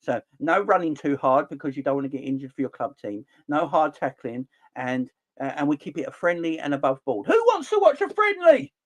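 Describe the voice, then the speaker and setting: A middle-aged man ranting about football in an animated, exasperated way. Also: mid-range voice, brisk, few pauses. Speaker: football channel host. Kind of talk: opinionated football rant.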